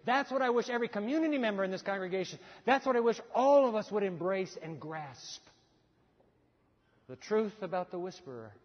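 Brief: high-pitched male pastor, lively acted-out storytelling, muffled hall sound with long reverb. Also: a little fast. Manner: animated storytelling, acts out quoted voices. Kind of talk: sermon.

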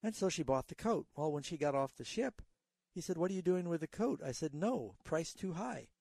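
A man hosts a Bible call-in program on the radio, answering listeners' questions like a patient teacher. His voice is mellow and warm. It is recorded dry and close in a studio. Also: fairly high pitch, animated, brisk, creaky, no room sound. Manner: earnest, teaching tone with a storytelling aside.

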